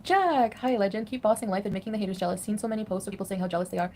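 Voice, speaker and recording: A woman's voice: medium pitch, very fast, a little mellow, a little hiss or hum. Chatty woman greeting livestream viewers. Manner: chatty, laughs between greetings. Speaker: livestreamer answering chat. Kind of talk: casual livestream chat. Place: home in Kuwait.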